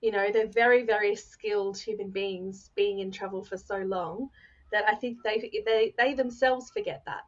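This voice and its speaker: A woman hosting a podcast, chatting in a relaxed, agreeable, rambling way. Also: mid-range voice, normal speed. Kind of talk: casual podcast chat. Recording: slightly muffled audio.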